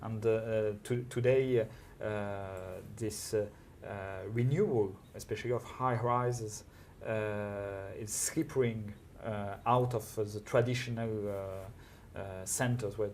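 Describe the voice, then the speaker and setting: Slow, hesitant French-accented man. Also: fairly low pitch, steady tone, darkish tone, a little hiss or hum. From France. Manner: hesitant, many filler sounds. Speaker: urban planner. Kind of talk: conference interview answer.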